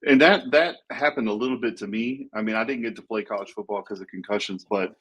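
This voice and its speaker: Husky man telling stories on a podcast. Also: fairly low pitch, fast talker. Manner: animated storyteller who shouts out quoted lines. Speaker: podcast co-host. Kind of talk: casual storytelling.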